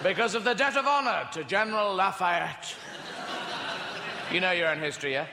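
A British man doing stand-up comedy on a large stage, animated and mocking, swearing freely. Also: high voice, normal speed. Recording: echoey hall, loud crowd noise.

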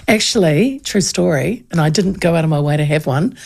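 Woman gravelly-voiced chatty New Zealand radio host. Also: low-pitched, fairly quick. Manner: lively, animated, acts out voices in anecdotes.

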